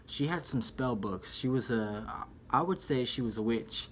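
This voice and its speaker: A man's voice: medium pitch, animated, moderate pace, a little hiss or hum. A young man talking casually to camera about a book, rambling and chatty, often calling the viewer dude or man. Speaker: vlogger reviewing a book. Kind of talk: casual spoken review.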